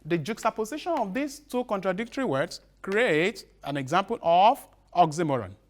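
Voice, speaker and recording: Man, broadcast teacher, lively intonation, slow repeated definitions, halting restarts. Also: high voice. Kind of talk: broadcast lesson.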